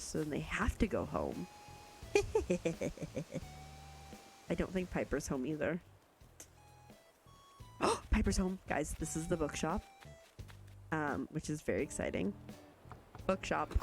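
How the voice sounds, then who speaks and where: This is a chatty young woman from Canada, streaming a cozy video game and answering her viewers. Her voice sits a little low but leaps around with lively, bubbly inflection. Soft game music plays quietly behind her. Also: vocal fry. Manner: bubbly and chatty, reads and answers chat, self-teasing. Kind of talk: casual live-stream chat while playing a video game.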